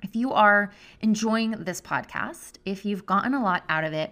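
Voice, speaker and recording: A woman's voice: mid-range voice, normal speed, few pauses, fairly bright tone. A woman hosting her own podcast as a health coach, talking in a chatty, effusive way full of "like" fillers. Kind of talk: casual solo podcast talk.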